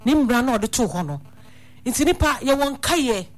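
A woman gives emphatic commentary on a talk radio show, driving her points home. Her voice is high and moves a lot, rising and falling as she speaks. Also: expressive, normal speed.

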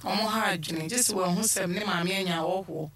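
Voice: mid-range voice, fairly quick, a crowd in the background. A caller on a call-in radio show, explaining things steadily at length.

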